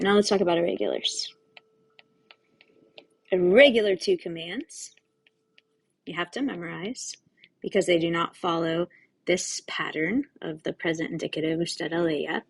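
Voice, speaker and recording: A woman Spanish teacher giving a recorded lesson, explaining step by step to her students in a patient, casual way with friendly asides. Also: fairly low pitch.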